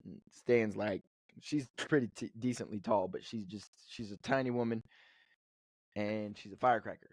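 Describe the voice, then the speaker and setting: Man in his thirties, rambling co-host storyteller, mid-pitched, dry close sound. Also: no room sound. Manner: rambling, many fillers and restarts. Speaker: podcast co-host. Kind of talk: casual storytelling.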